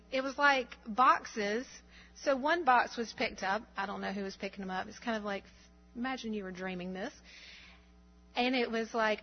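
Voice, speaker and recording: Earnest woman sharing a testimony. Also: mid-range voice. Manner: storytelling, earnest and reflective, with many fillers. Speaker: speaker giving a testimony. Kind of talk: personal faith testimony. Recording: dull lo-fi sound with faint hum.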